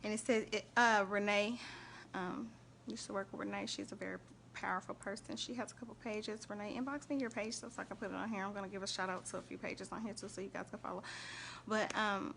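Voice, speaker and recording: Hosting a faith and relationship live stream, a chatty woman talks casually and fast, shouting out viewers and laughing often. Her mid-pitched voice is lively, warm, and gravelly, with a faint hum of background noise behind her.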